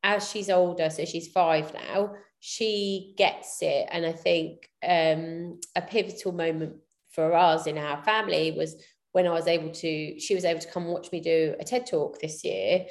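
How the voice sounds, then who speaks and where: A woman speaks candidly in a casual interview, often restarting her sentences as she reflects. Her voice sits a little on the low side. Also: fairly even intonation, unhurried. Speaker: podcast guest, PR business founder.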